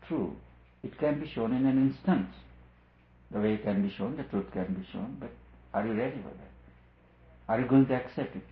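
A man giving a spiritual discourse as a teacher, talking in a measured, repetitive and emphatic way. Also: medium pitch. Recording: echoey room, phone-like lo-fi sound.

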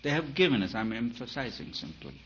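A man, a spiritual teacher, giving an emphatic talk full of rhetorical questions, swinging between loud and soft. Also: medium pitch, sing-song, brisk. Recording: dull lo-fi recording with faint hiss.

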